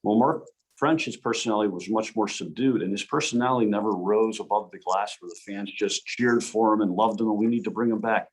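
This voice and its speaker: A man, a hockey referee as guest speaker, telling animated anecdotes with frequent restarts over a video call. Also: lowish voice, brisk, husky. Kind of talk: storytelling presentation.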